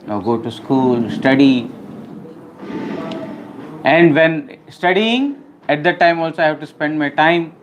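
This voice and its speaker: A man's voice: a little high, a little hiss or hum, rough recording. A man giving a devotional lecture, acting out scenes and singing verses between explanations. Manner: animated, acts out scenes. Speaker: preacher.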